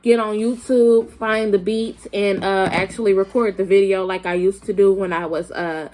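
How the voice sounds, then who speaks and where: Young woman, southern country accent, rambling casual vlog chat, mid-pitched voice. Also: level tone, moderate pace, a little mellow, a little hiss or hum. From Flint, Michigan, raised in Arkansas. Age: young adult. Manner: rambling, many fillers and restarts. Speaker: vlogger.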